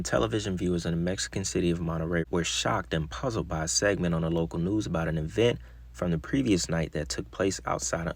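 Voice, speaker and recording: Low gravelly man narrating a mystery. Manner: casual asides between read passages. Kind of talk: reading an article aloud with comments.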